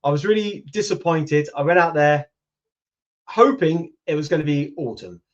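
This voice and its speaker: A man's voice: fairly high pitch, expressive, normal speed. A man in his fifties with a British accent, chatting casually with viewers on a livestream and answering their comments. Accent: British English. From United Kingdom. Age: 50s. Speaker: YouTube channel host. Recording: lo-fi livestream audio.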